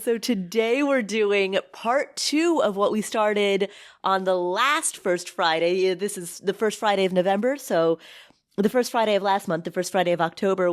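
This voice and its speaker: A woman hosting a podcast in casual, upbeat chat, emphatic and quick to laugh. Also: mid-range voice. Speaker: podcast host.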